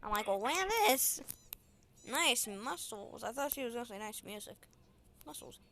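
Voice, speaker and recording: A woman giving casual game commentary, excitable, shrieking and giggling as she plays. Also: on the high side, normal speed. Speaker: gamer. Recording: loud background noise.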